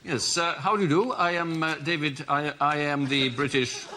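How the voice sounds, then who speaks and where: A man's voice: a little high, steady tone, moderate pace. A man playing a flustered prime minister. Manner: flustered, awkward, polite. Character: flustered male prime minister on a state visit. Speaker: comedian. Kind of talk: improvised comedy sketch. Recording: loud background noise.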